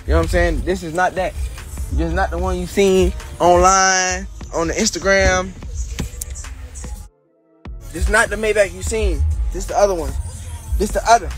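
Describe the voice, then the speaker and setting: A young man chatting casually to camera during a car delivery at his house, excitable and boastful, repeating himself. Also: sits high, moderate pace, long pauses, faint music behind. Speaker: rapper showing off a new car delivery.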